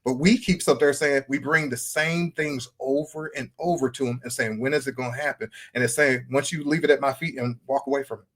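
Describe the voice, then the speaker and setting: A man's voice: mid-range voice, steady tone, fairly quick, hardly any pauses, a bit bright. A man hosting a podcast, talking about faith in a fervent, sermon-like way with lots of repetition. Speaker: podcast host. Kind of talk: preaching-style podcast chat.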